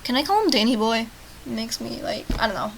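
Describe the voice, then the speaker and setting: A young woman reading a text game aloud and commenting on it in a chatty, sarcastic way, with loud outbursts. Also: fairly high pitch, lively intonation, brisk, creaky, a little hiss or hum, low-quality recording. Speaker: let's play gamer.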